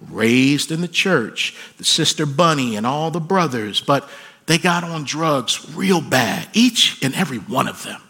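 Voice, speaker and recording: A man preaching a sermon, dropping to hushed pleading and then rising into loud, emphatic peaks. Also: a little high, animated, unhurried, breathy edge. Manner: swings from hushed pleading to soaring shouted emphasis. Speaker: pastor.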